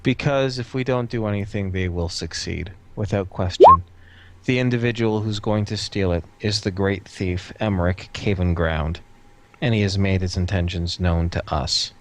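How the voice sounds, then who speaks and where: A man voicing a careful, watchful courtier who speaks slowly and formally. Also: sits low. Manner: slow, formal and deliberate.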